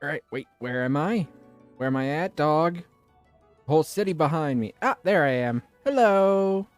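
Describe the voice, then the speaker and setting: A man's voice: on the high side, normal speed, soft background music. A man streaming a video game, talking casually to his viewers in a rambling, self-mocking way and swearing freely. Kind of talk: casual let's-play commentary.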